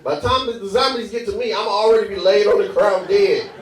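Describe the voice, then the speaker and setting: Performing stand-up at a comedy club, a young man speaks fairly quickly in a high voice, keeping the set loose and conversational and laughing at his own material. The mic is heard from a distance in an echoey live room full of audience laughter.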